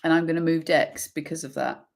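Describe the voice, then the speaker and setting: A woman giving an intuitive tarot energy reading, emphatic and swearing freely, pausing and restarting as she pulls cards. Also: deep voice, steady tone, gravelly. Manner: pauses and restarts while pulling cards. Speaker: tarot reader.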